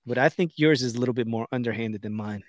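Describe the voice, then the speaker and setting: A man's voice: medium pitch, fast, dry recording, clean studio sound. A man co-hosting a podcast in casual chat, telling stories and acting out quotes. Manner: animated storyteller, acts out quotes. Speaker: podcast co-host.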